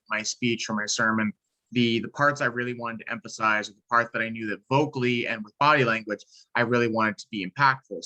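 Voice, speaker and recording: A man's voice: medium pitch, sharp tone, poor audio. A male student sharing his experience in class, hesitant and restarting often. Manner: hesitant, many restarts and fillers. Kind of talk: class discussion.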